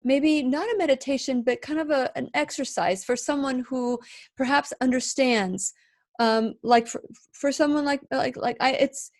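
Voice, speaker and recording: A woman hosting a radio interview, asking long, halting questions full of fillers and restarts. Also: high-pitched, steady tone. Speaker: radio show host.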